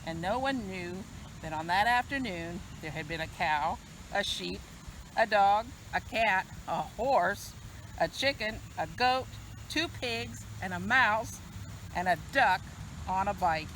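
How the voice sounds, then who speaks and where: Slow, lively woman reading to kids. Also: medium pitch, slight background noise, low-quality recording. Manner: expressive, sing-song storyteller. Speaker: librarian. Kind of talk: children's story-time read-aloud. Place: library video recording.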